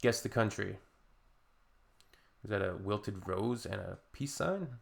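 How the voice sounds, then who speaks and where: A man's voice: fairly low pitch, expressive, takes it slowly, creaky. A man hosting reaction commentary in a sarcastic, mocking way. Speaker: reaction video host.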